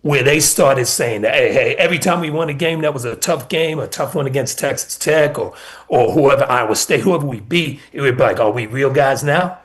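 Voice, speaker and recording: A middle-aged college basketball coach, speaking at medium pitch and a little fast, tells stories as a guest on a casual radio interview. He often repeats words.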